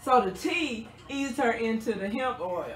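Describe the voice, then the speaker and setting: Woman, animated sarcastic storyteller, recorded from across an echoey room with faint music. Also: fairly high pitch, a little slow. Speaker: vlogger. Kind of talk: casual storytelling to a friend. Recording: roomy, distant mic.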